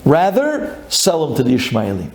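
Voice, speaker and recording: A man, a rabbi, giving a lively sermon, acting out a grumbling congregant and building up to shouted lines. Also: mid-range voice, moderate pace, echoey room.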